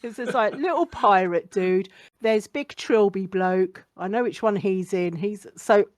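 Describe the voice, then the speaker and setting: A woman's voice: mid-range voice, unhurried, no echo. A young woman chatting as a podcast guest, blunt and sweary, laughing often. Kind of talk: casual podcast chat.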